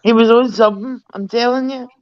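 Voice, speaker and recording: High-voiced man on a dull, lo-fi line. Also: fairly even intonation, a little fast, clean tone. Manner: exclaims and reminisces animatedly. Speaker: panel guest. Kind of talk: casual panel chat.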